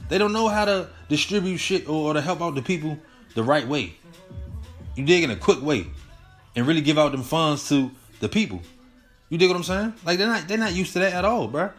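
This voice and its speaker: A man's voice: fairly high pitch, animated, a little fast, soft background music. A young man hosting his own show, giving a heated, profane, rambling rant full of slang. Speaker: host. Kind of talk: casual solo commentary.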